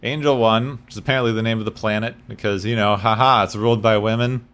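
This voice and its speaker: Low-voiced wry podcast co-host, man. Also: steady tone, fast talker, a bit bright, clear, resonant tone. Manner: wry, dry humor. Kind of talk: casual chat.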